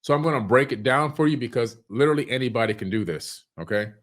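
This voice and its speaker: A man giving casual business advice at home, talking loosely with restarts and clearing his irritated throat. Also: medium pitch, fast. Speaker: online business coach. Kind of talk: casual monologue. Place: home room.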